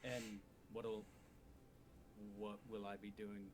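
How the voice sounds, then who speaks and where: A man's voice: on the low side, level tone, slow, slight background noise. A man playing in a tabletop game, asking hesitant questions. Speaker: player. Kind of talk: casual tabletop game play.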